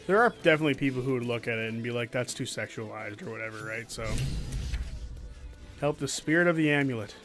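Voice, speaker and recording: A man's voice: medium pitch, fast talker, long pauses, a bit bright, soft background music. A man casually commenting and joking as he plays through a video game. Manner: chatty, joking asides. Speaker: game streamer. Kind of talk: casual let's-play commentary.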